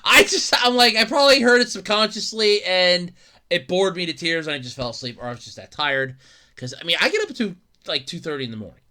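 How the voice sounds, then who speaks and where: An exasperated podcast host rants on their own, swearing freely and laughing often, with a voice that swings all over the scale. The tone is bright and forceful, and it climbs into shouts when the host gets worked up. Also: medium pitch, lively intonation, quick pace. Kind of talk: casual solo podcast rant.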